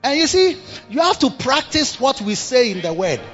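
A man preaching a sermon. He repeats himself and swings between low murmurs and loud bursts of emphasis. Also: sing-song, moderate pace, highs cut off, soft background music.

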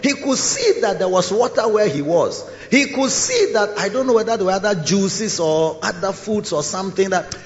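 A man preaching a sermon in a large church, telling the story in a lively way and acting out its scenes. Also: high-pitched, moderate pace, slight background noise. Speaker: pastor. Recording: echoey hall, dull lo-fi sound.

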